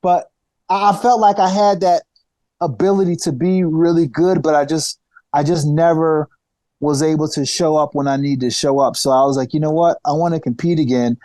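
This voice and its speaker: Animated storytelling man, dry close sound. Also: on the high side, moderate pace, dry recording. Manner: animated storyteller, repeats and restarts phrases. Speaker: podcast guest, former fighter. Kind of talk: casual interview storytelling.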